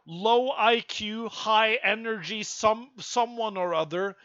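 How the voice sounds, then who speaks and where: A young man streaming, ranting to his chat in an exasperated, profane way with sudden loud outbursts. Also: sits high, steady tone, slow pace, few pauses, clean tone, no echo, highs cut off.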